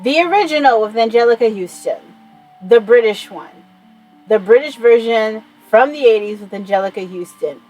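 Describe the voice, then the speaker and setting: Rambling, excitable woman vlogger. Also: a little high, moderate pace, highs cut off, soft background music. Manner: rambling, enthusiastic, swears freely. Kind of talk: casual chat.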